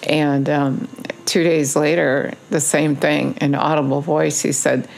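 A woman's voice: deep voice, flat delivery, a little slow, vocal fry, a little mellow. A woman giving a casual video sermon, urging listeners in earnest, repetitive phrases with frequent ums. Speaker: online preacher.

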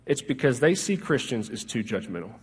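A man's voice: medium pitch, sing-song, fairly quick, in a large hall. A young man preaching a sermon in a chatty, joking way, full of "like" fillers, from a church sanctuary. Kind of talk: sermon with personal stories.

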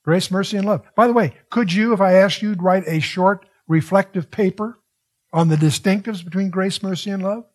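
A man's voice: high voice, moderate pace. An older man teaching through a Bible passage verse by verse, reading scripture aloud and asking his listeners questions in a conversational way. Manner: conversational, asks the audience questions.

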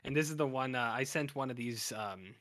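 Bright-voiced man rambling through a recap. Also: medium pitch, brisk, no room sound, studio quality. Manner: rambling, filler-heavy storytelling. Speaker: podcast co-host. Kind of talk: casual recap chat.

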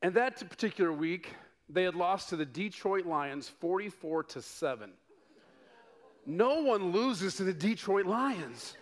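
A middle-aged man from Denver preaching a sermon to his congregation, telling stories with playful asides and mounting excitement. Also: sits high, unhurried. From Denver, United States. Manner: animated storytelling with rising excitement and playful asides. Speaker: pastor.

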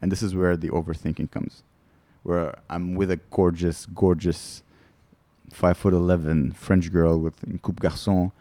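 A man's voice: low-pitched, little pitch movement, normal speed, warm tone, no room sound. A man, a comedian guest on a podcast, telling rambling candid stories in casual chat. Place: studio.

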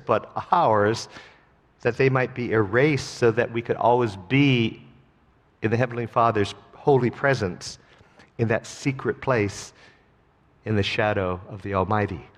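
A middle-aged man preaching a sermon as pastor, earnest, slow and emphatic. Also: medium pitch. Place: church sanctuary. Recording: long hall reverb.

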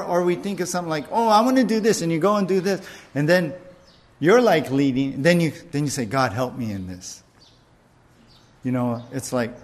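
A man delivering a sermon in an easygoing, talky style. His voice sits a little on the high side, and he slows his words down when he stresses a point. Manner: conversational preaching with fillers and restarts, slowing for emphasis. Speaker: pastor.

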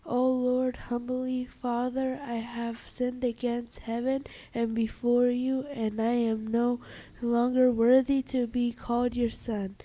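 Woman prayer reader, high mellow voice, slow halting liturgical reading. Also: poor audio. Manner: halting, stumbles and restarts words.

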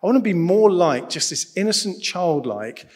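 A man preaching a sermon in a lively, humorous, conversational way. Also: high voice, moderate pace. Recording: long reverb of a large hall.

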